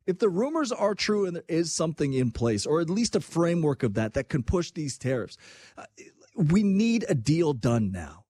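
A young man holds forth on politics with heat and sarcasm, his voice a bit higher than most men's. The sound is close and dry, with no room around it. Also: moderate pace, no room sound. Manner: animated, impassioned, mocking asides. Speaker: political commentator. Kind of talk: opinionated political talk.

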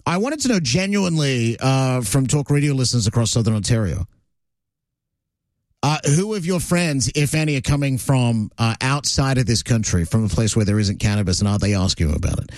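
A man's voice: mid-range voice, expressive, fairly quick, darkish tone, no room sound. A man hosting a talk radio show, opinionated and sardonic, with lots of "uh" fillers. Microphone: studio broadcast mic.

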